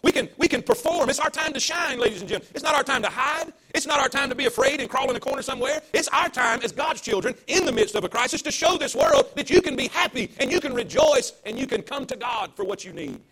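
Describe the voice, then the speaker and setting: A man's voice: very high-pitched, lively intonation, quick pace, hardly any pauses, fairly bright tone, husky. A man, a pastor preaching a livestreamed sermon to an empty church, emphatic and repetitive, with call-and-response.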